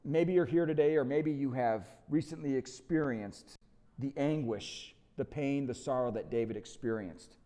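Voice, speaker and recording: A man preaching a sermon as lead pastor, telling a story with emphasis and slowing down for quiet, reflective moments. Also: medium pitch.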